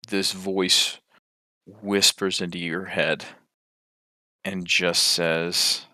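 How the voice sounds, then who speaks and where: A man's voice: sits low, flat delivery, drawn-out words, pushed and bright, dry recording, clean studio sound. A man narrating a tabletop game as game master, hesitant and full of ums.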